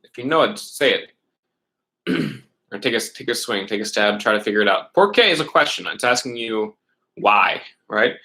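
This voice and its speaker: A man's voice: fairly low pitch, lively intonation, moderate pace, sharp tone, low-quality recording. A man teaching middle school Spanish, walking students patiently through a worksheet step by step and checking in with them often. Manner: patient, step-by-step explaining with frequent "right?" checks. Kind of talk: remote lesson walkthrough.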